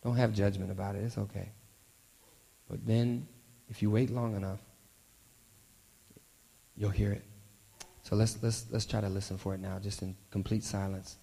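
A man preaching a sermon, telling a story and often softening his voice at tender moments. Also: lowish voice, little pitch movement, moderate pace, vocal fry, long pauses. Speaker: pastor. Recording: long hall reverb.

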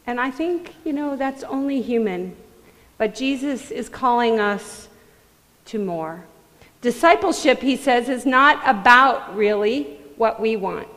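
A woman's voice: a little high, fairly bright tone. A middle-aged woman preaching a sermon in a conversational way, acting out quoted voices. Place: church sanctuary. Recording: long hall reverb.

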